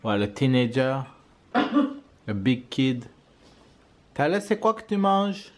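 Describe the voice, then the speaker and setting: A young French man with a French accent, chatting halting and teasing in a casual family vlog, full of fillers and restarts. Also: medium pitch, very animated. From France. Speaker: vlog co-host, husband.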